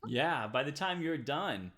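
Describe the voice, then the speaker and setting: Very low-voiced woman narrating a game. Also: animated, a little slow, fairly bright tone. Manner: laughing, rambling with many fillers. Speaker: game master.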